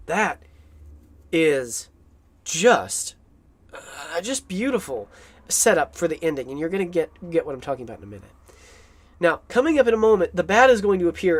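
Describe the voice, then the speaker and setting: A film commentator talking casually and enthusiastically, rambling with many fillers and restarts. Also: mid-range voice.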